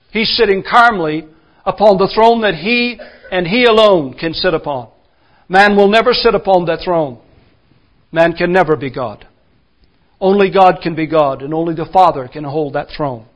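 A man preaching a sermon, building to forceful, emphatic declarations. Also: sits high, normal speed, dull audio.

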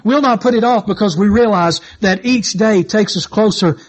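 A man's voice: high voice, moderate pace. A man preaching a sermon in church, fervent and repetitive, stressing his points as his voice rises and falls. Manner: fervent, repetitive exhortation with rising and falling emphasis.

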